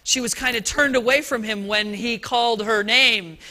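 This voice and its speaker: Man, pastor, Easter sermon, high-pitched, very bright tone, lively, chatty asides, church service. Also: normal speed. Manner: lively and conversational, with frequent restarts and asides.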